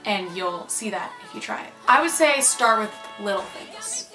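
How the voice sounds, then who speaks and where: A woman's voice: mid-range voice, expressive, normal speed. A young woman talking casually and earnestly, giving encouraging self-help advice. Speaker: advice speaker. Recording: echoey room with faint music.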